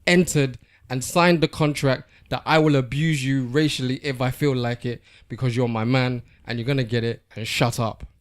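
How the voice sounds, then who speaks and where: Measured man on a podcast. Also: mid-range voice, fairly even intonation. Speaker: podcast co-host. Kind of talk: casual discussion.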